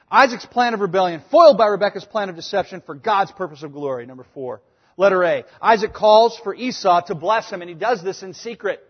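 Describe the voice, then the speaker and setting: A man preaching a sermon, emphatic and conversational, switching between loud points and quiet asides. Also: high voice, breathy edge, big-room sound, muffled recording. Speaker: pastor.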